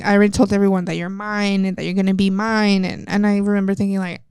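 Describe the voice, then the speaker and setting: Smooth-voiced woman. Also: medium pitch, fast talker, no echo, clean studio sound. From El Paso, Texas. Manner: candid and animated, swears freely, acts out quoted dialogue. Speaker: podcast guest, wrestler. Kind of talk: casual interview storytelling.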